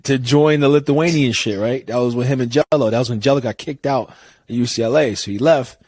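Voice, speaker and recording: A man's voice: mid-range voice, fairly quick, a little mellow. A young man, podcast co-host, talking casually in a laid-back way with casual swearing. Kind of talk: casual chat.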